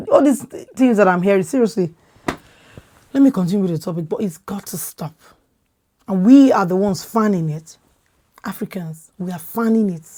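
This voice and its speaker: A Nigerian woman in her thirties hosting a podcast, talking with strong conviction, loud and expressive, repeating words as she presses her points. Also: medium pitch. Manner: emphatic, repeats words when worked up. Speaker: podcast host. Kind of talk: impassioned opinion talk.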